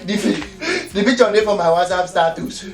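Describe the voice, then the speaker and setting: Excitable high-voiced Nigerian Pidgin man. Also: normal speed. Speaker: comedian telling his own story. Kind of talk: comedy skit storytelling.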